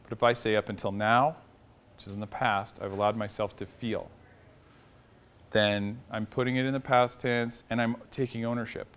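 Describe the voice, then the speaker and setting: A man teaching a small group in a relaxed, conversational way, asking them questions and joking now and then. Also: fairly low pitch, moderate pace. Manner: conversational, quizzes the audience, jokes lightly. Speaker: workshop teacher.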